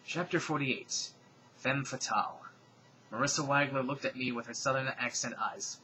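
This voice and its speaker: Deadpan man reading fan fiction aloud. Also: mid-range voice, moderate pace, slight background noise, rough recording. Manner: deadpan, sarcastic asides. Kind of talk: comedic dramatic reading.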